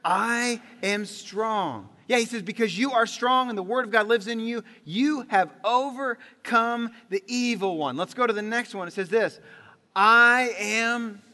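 A man preaching a sermon as pastor, leading the congregation in call-and-response, swinging between loud emphatic peaks and quiet low drops. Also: normal speed, hardly any pauses. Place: church sanctuary. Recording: long hall reverb.

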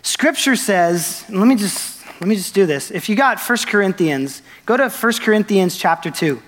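A young man preaching a sermon, telling a story with quoted dialogue in an earnest, excited manner. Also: high-pitched, normal speed, slight background noise. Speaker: pastor. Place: church sanctuary. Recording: long reverb of a church hall.

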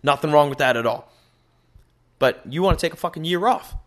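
Guy ranting on his own podcast, swears a lot, kinda high voice. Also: brisk. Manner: profane, rambling and animated. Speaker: podcast host. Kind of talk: solo podcast monologue. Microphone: podcast microphone.

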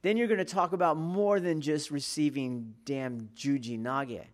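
A man with a somewhat high voice teaches a martial arts lesson at a measured pace, his tone steady. He speaks rhetorically to his students and keeps checking in with "okay?" and "do you see?".

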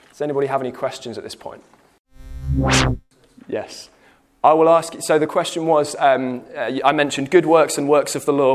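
A man leading a Bible study in a church hall, explaining a passage with frequent "okay"s and restarts. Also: on the high side. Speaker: Bible teacher.

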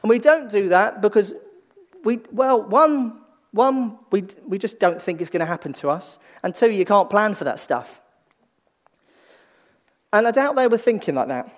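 A man preaching a conversational sermon, dropping from lively emphasis to hushed, slow lines and often restarting phrases as he thinks aloud. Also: high voice.

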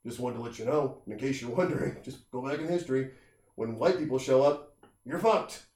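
A middle-aged man in casual comedic chat, talking in a profane, animated way and acting out the people he quotes in jumping voices. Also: medium pitch, fairly quick. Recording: roomy echo.

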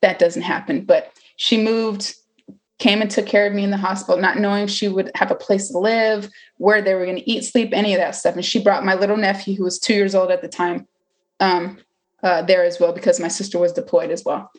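A woman's voice: medium pitch, steady tone, fairly quick. Woman, twenties, personal storytelling, chatty, candid, filler-heavy. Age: 20s. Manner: candid, chatty, full of fillers and acted-out quotes. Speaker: cancer survivor telling her story.

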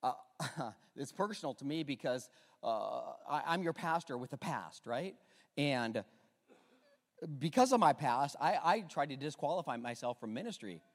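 Animated man preaching in a big hall. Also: mid-range voice, unhurried. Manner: animated, joking, swings between loud and hushed. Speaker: pastor. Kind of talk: sermon. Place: large church.

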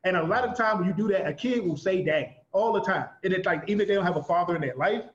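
High-voiced fast-talking man, roomy. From Washington, DC. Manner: rapid, loose, heavy use of filler "like". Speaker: guest, art teacher. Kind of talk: casual conversation. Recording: roomy, slightly dull sound.

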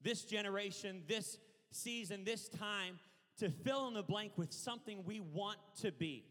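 A man preaching a lively sermon from a church stage, leading loud call-and-response with the crowd. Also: high-pitched. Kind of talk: energetic sermon. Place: church auditorium. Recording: long hall reverb.

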